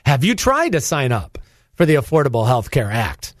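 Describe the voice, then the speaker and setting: A man's voice: mid-range voice, wildly swooping pitch, moderate pace, no echo, studio quality. A man, hosting Christian talk radio in a fired-up, preachy and emphatic way. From North Carolina. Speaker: guest radio host. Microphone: studio microphone.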